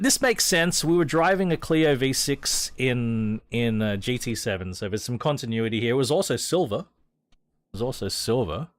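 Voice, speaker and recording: An Australian man chatting casually as he streams a racing game, rambling with hesitations and restarts. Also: mid-range voice. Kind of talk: casual gameplay commentary.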